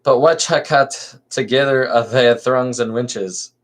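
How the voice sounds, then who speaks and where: A man voicing a sturdy Spartan woman, reading her old dialect words slowly and carefully, sometimes stumbling. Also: medium pitch, pitched above the performer's own voice, close to an everyday voice. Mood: hearty. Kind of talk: amateur play reading.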